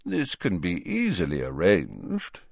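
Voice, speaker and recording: Brief: man playing a cold, sardonic middle-aged wizard, deep and languid, with a lazy sneer. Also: wildly swooping pitch, measured pace, gravelly, no echo, exaggerated voice. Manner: silky, lazy drawl, mocking. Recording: dull, dry studio recording.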